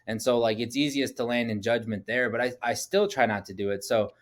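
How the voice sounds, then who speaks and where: Man, thirties, podcast guest, casual storytelling interview, animated, lots of "like" fillers, middle pitch. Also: brisk. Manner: animated, acts out quoted dialogue, frequent "like" fillers.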